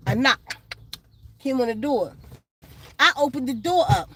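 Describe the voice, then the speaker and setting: A woman's voice: sits high, lively intonation, unhurried, sharp tone, a little hiss or hum. A woman vlogger telling a story in casual, blunt, profane street slang, outdoors in the sun.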